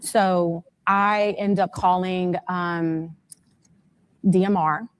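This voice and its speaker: A woman's voice: lowish voice, fairly even intonation, extremely slow, clear, resonant tone. A woman speaking as an interview guest, a mother telling events step by step in detail and growing urgent and frantic. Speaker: guest, mother of a missing son.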